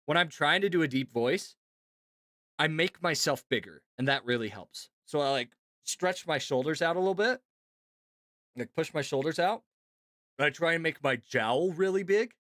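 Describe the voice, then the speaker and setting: A man streaming casually to his chat, talking in an animated, chatty way with lots of fillers and laughs. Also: a little high, moderate pace, no echo, studio quality. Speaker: streamer and voice actor.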